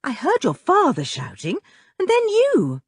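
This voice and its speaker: A woman voicing a calm, sensible middle-aged mother in a storybook, brisk and matter-of-fact. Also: high voice, no echo, studio quality, voice pushed up, exaggerated voice.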